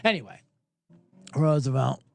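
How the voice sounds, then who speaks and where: A man hosting a sports podcast, telling a comedic rant, profane and animated, acting out both sides of an argument. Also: medium pitch, measured pace, creaky.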